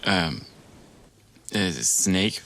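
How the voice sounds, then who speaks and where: A man co-hosting a podcast in casual chat, easygoing and often pausing with fillers. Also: low voice, expressive, a bit bright, low-quality recording. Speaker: podcast co-host.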